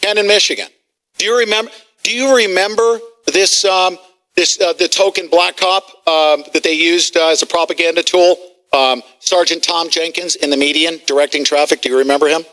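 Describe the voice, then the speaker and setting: A man hosting a talk radio show, ranting agitatedly, shouting and swearing at callers and officials. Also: on the high side, steady tone, fairly quick. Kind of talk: heated talk radio rant.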